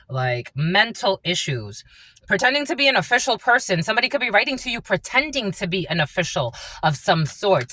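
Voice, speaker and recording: A woman's voice: medium pitch, sharp tone, slight background noise. A woman giving a tarot reading as a channeler, blunt and profane, laughing often.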